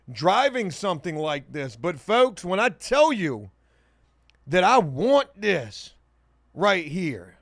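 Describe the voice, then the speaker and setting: High-voiced joking male livestreamer. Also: big pitch swings, takes it slowly, no room sound, studio quality. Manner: joking, swings between loud hype and muttered asides. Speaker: livestream host. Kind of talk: casual livestream chat reading comments.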